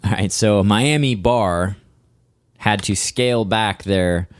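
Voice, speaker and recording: A young man with a very low voice co-hosts a crude, casual podcast. He chimes in with dry, deadpan remarks and quick laughs. The sound is close and dry, with little room in it. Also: no echo. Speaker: podcast co-host.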